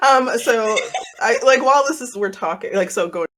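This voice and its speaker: A woman playing a tabletop role-play game, giggly and animated. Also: mid-range voice, moderate pace, background noise. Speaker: player. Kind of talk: casual in-character play.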